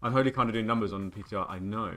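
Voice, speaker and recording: Lower-voiced man bantering with his stream chat. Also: racing, fairly bright tone, faint music behind. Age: 20s. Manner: joking, rambling banter with chat. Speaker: game streamer. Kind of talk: casual live-stream chat.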